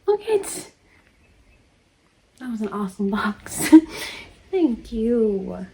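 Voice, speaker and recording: A woman's voice: on the high side, big pitch swings, drawn-out words, creaky, darkish tone, breathy edge. A woman vlogger opening mail on camera, chatty and rambling, gushing and laughing often. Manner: gushing and emotional. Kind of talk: casual chat.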